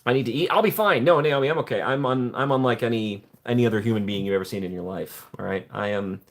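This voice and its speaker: A man of medium pitch hosts a casual live stream and chats with his viewers. He talks in a playful, jokey way, laughs often, and his voice leaps upward when something excites him. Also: fast talker.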